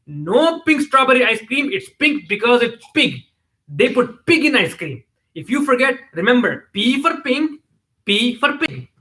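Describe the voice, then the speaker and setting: A man's voice: very high voice, very animated, unhurried, bright, forceful tone, voice pushed up, heavily acted. A man voicing an elderly grandmother with a South Asian accent, blunt and fussy as she scolds. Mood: scolding.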